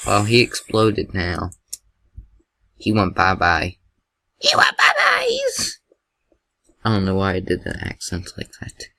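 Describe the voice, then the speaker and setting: A young man doing excitable, jokey gameplay commentary with a gravelly voice, yelping at scares. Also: sits low, a little slow, poor audio.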